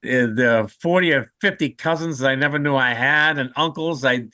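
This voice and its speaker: A man's voice: medium pitch, normal speed, clean tone, no room sound. A man in his sixties, a comedian and guest, telling stories in a chatty, joking way. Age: 60s. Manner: animated, chatty, jokey. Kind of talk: casual storytelling.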